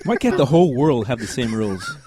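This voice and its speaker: A man's voice: medium pitch, big pitch swings, a little fast, dark tone, a little hiss or hum. A man co-hosting a casual sports podcast, throwing in wisecracks. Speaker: podcast co-host.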